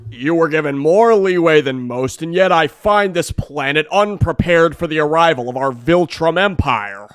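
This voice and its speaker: A man voicing a domineering alien warlord who booms slow, commanding threats. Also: expressive, fairly bright tone, clean tone, dry recording, studio quality. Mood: menacing.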